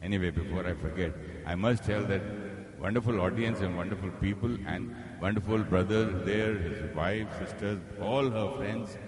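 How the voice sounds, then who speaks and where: A man's voice: low-pitched, moderate pace, over a noisy crowd, low-quality recording. A middle-aged man with an Indian English accent tells a personal story to a live audience, acting out his own anger and slipping into Hindi phrases. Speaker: guest speaker. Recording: loud audience noise.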